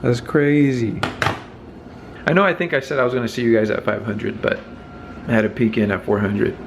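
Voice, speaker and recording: A man's voice: medium pitch, fairly even intonation, normal speed, noisy background. A man hosting his own channel, chatting casually and upbeat about reaching subscriber milestones. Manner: upbeat, laid-back, celebrating milestones. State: scratchy just-woke-up voice. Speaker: YouTube channel host. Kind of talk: casual check-in vlog.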